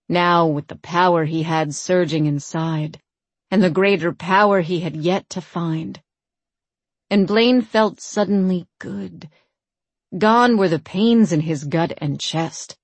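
Slow, low-voiced woman narrating a story. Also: no room sound. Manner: measured, unhurried storytelling. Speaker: audiobook narrator. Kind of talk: scripted fantasy narration.

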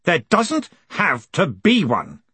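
A man doing a slow, coldly calm tyrant. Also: a little high, husky, no echo, pitched above the performer's own voice, exaggerated voice. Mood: cold menace. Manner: slow, measured, quietly menacing. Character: cold, calm male tyrant ruler.

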